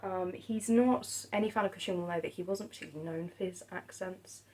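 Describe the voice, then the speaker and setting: Soft-spoken hesitant woman. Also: lowish voice, fairly quick, poor audio. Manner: hesitant, many ums and restarts, soft-spoken. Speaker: film vlogger. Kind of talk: casual monologue about films.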